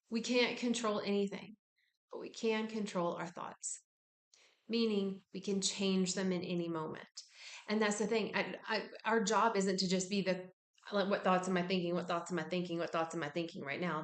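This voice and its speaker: A woman giving a casual self-help talk, relaxed and frank, with casual swearing. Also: medium pitch, roomy sound. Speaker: wellness speaker.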